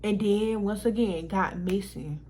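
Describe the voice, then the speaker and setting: A woman's voice: medium pitch, unhurried, warm tone, poor audio. A woman vlogger telling a personal story in casual storytime style, frank and exasperated, swearing freely and laughing between lines.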